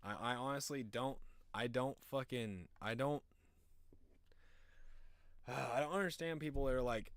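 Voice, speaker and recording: A young man with a very deep voice, chatting casually on a live stream in a rambling, profane, animated way. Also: normal speed, no room sound, clean studio sound.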